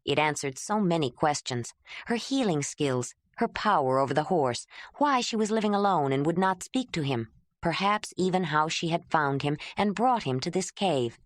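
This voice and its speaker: A woman narrating a novel as an audiobook in a measured, even storytelling manner. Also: deep voice, no room sound, clean studio sound. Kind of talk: scripted narration.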